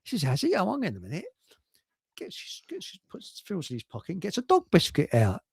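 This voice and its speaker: A man's voice: sits high, wildly swooping pitch, a little fast, slightly rough, no echo. An older man hosting a livestream, rambling through jokes and reading chat messages aloud with frequent chuckles. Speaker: livestream host. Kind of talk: casual chat telling jokes.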